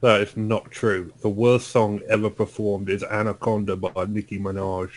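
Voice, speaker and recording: A man with a fairly low voice banters through a casual podcast, swearing and laughing easily. He pushes back on the others in a playful way. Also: level tone, moderate pace. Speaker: podcast co-host. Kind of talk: casual chat.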